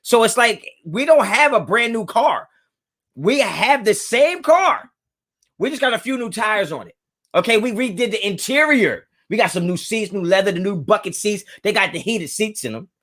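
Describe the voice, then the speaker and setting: Hosting a live sports fan stream, a man with a high, fairly bright voice speaks animatedly at a moderate pace. He talks right to his chat in a casual, emphatic way and keeps repeating what he's saying.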